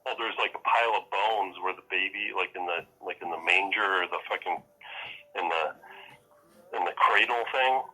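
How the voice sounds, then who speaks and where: A man's voice: deep voice, normal speed, sharp tone, rough recording. A man in casual podcast chat, rambling, swearing freely and laughing as he acts out quotes. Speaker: podcast co-host.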